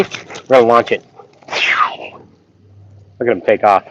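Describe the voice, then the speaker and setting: Unhurried and fairly even in intonation, this mid-range male voice drifts along as a YouTube reaction host welcomes viewers to his casual live stream, saying um a lot. The audio is dull lo-fi, with faint noise.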